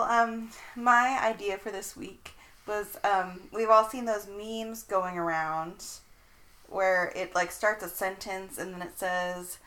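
A woman's voice: mid-range voice, a bit bright, poor audio. A young woman co-hosting a casual chat podcast, laughing often between her lines. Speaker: podcast co-host.

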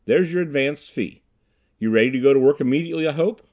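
A man reading an audiobook, voicing a brisk, self-assured inventor who talks with crisp urgency. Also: medium pitch, darkish tone, natural voice. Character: brisk, commanding older male inventor.

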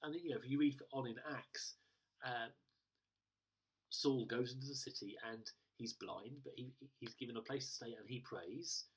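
A man's voice: mid-range voice, moderate pace, slightly rough, recorded from a distance. A male pastor preaching a sermon in a conversational way, often restarting and hesitating, recorded in a church.

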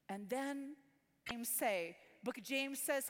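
High-voiced woman preaching in a reverberant hall. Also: slow pace. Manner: storytelling, acts out voices, turns hushed and tearful when emotional. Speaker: pastor. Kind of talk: sermon with personal story.

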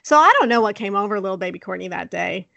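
Young woman w a gravelly voice, chatty storytelling, dry close mic, laughs a lot. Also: medium pitch, fast talker, no room sound, dull audio. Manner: animated, laughing often, acts out quotes. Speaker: podcast co-host. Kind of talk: casual storytelling chat.

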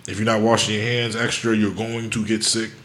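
A man's voice: lowish voice, brisk, reverberant. A man hosting a podcast, telling rowdy stories in casual chat, acting out quotes and laughing often. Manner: loud animated storytelling, acts out quotes, laughs often. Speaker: podcast host.

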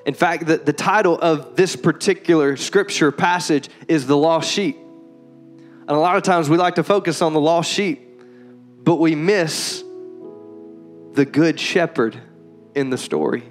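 A young adult man preaching as a pastor in a church, moving from calm talk to loud, impassioned preaching. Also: fairly high pitch, unhurried, long pauses, faint music behind. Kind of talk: sermon. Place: church hall.

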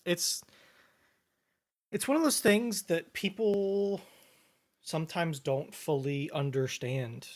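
A man's voice: fairly high pitch, slow pace, long pauses. A young man co-hosting a podcast, chatting in a laid-back way and laughing easily. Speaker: podcast co-host. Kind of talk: casual chat.

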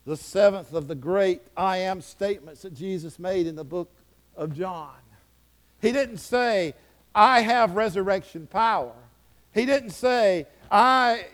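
A man preaching a sermon fervently, his voice rising and falling in pitch and loudness. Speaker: pastor.

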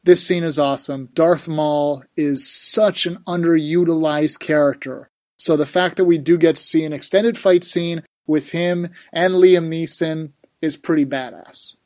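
An upbeat man hosting a casual podcast with friends, teasing them as he talks. His voice sits a little higher than most men's. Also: steady tone, unhurried, a little mellow. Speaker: podcast host. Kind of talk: casual chat.

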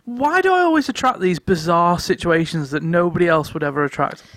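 A man co-hosting a podcast, telling animated travel stories in casual chat and laughing often. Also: sits high, a little fast, no echo, studio quality. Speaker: podcast co-host.

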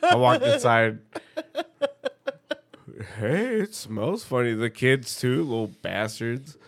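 A man's voice: mid-range voice, sing-song, slow, a bit bright. A man in casual chat who swears freely and acts out quotes.

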